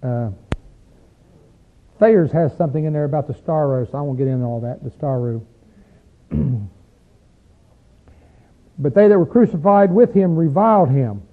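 At a moderate pace with many pauses, a man whose voice is a little high and expressive leads an interactive Bible study. Emphatic in his teaching, he asks the group questions and rises on points of emphasis. The recording is tinny, as if from a phone.

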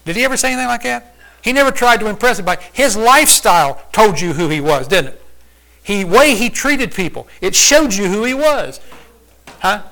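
Folksy man preacher, high and bright, teaches casually and quizzes the room. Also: animated, brisk, creaky, low-quality recording. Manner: folksy, conversational, asks the listeners questions. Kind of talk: informal Bible teaching.

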